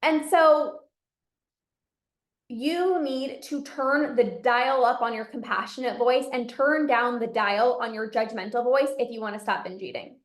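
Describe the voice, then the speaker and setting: High-voiced woman, earnest and encouraging. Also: unhurried, echoey room. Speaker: podcast host and binge eating coach. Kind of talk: solo podcast monologue.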